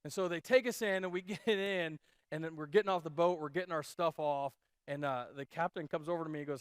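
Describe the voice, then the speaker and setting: A male pastor from Iowa tells a rambling story from the pulpit, with lots of "like" and quick restarts. His voice sits a little high for a man, and it comes across close and dry with almost no room sound. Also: clear, resonant tone, no echo. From Iowa, USA. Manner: animated, chatty storytelling with many fillers and restarts. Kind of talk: sermon storytelling. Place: church.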